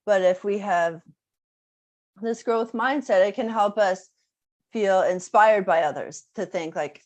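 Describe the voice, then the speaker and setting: Speaking slowly in a medium, slightly mellow voice, a female music teacher presents a relaxed online workshop. She keeps it conversational, with frequent fillers and tag questions.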